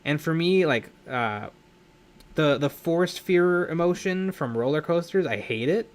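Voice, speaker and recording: A young man hosts a live stream while painting miniatures, his voice on the high side, expressive and measured. He chats casually, rambling, correcting himself and laughing often.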